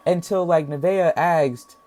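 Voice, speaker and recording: A man's voice: on the high side, measured pace, darkish tone. Young man rambling through a casual story. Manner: rambling, heavy slang, acts out voices. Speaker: storytime vlogger.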